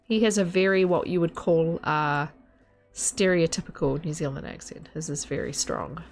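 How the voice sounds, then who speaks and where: Woman streamer, low and gravelly, rambly and giggly; casual live-stream chat over gameplay. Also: normal speed, a little mellow, faint music behind.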